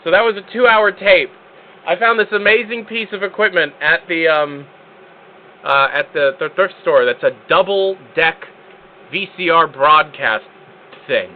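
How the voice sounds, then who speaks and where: A man hosting a live stream, chatting excitably and joking with casual swearing. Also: fairly high pitch, a little slow, phone-quality sound. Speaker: streamer host.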